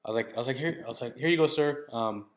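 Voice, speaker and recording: A man co-hosting a casual podcast talk, telling stories with plenty of swearing. He retells the exchanges animatedly, and his voice leaps high into laughter at the absurd parts. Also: quick pace. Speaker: podcast co-host. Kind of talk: casual storytelling chat.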